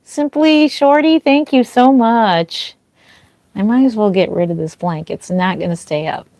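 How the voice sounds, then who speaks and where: A woman's voice: on the high side, a little slow, darkish tone, no room sound. A woman hosting a livestream as a reborn doll artist, chatting with viewers, thanking them by name, with lots of fillers and a slightly dry throat. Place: home nursery. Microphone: wearing a microphone.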